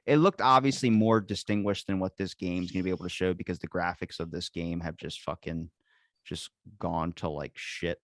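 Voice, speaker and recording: A man's voice: deep voice, steady tone, moderate pace, a bit bright, no echo, studio quality. A man hosting a podcast, telling a story in rambling, profane casual chat over a video call. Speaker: podcast host.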